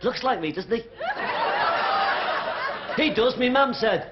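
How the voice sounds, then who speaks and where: Taking it slowly and pausing often, a man with a very high, animated voice performs cheeky stand-up on a theatre stage, bantering with the live crowd in a Liverpool accent; he's from Liverpool, England. The clip is very noisy, with dull 1970s TV broadcast sound and loud audience laughter.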